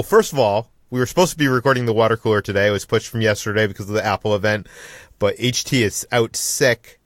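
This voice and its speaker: Low-voiced man hosting a casual podcast. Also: no echo, studio quality. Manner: relaxed, filler-heavy, conversational. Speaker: podcast host.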